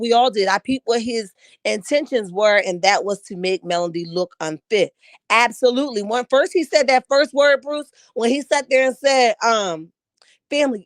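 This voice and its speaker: A woman's voice: fairly high pitch, dry recording. A woman hosting a casual livestream, reading chat comments and talking back to them with sass and emphasis.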